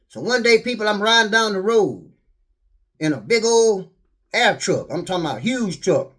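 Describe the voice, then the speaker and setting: An older man preaching and telling stories, animated, acting out quotes and often repeating words. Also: high-pitched, moderate pace. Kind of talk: street sermon, storytelling.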